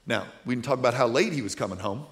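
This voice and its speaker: A middle-aged male pastor preaching a sermon in a conversational way that swells into forceful emphasis. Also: medium pitch, fast talker.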